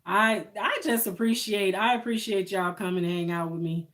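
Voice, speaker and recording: A woman's voice: mid-range voice, normal speed, fairly bright tone. A woman, chatting on a live stream, emotional and thankful, laughing often. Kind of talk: casual live-stream chat with viewers.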